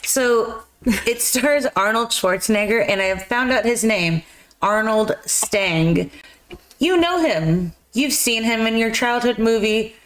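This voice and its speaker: A woman's voice: fairly high pitch, expressive, slow. Casual co-host, woman; loose, rambling plot recap with fillers and laughter. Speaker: podcast co-host. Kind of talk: casual movie chat.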